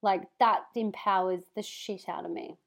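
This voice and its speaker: A woman's voice: medium pitch, fairly even intonation, normal speed, creaky, a bit bright. Earnest woman podcast host, emphatic. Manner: heartfelt, talks with hand on heart. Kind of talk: casual motivational monologue.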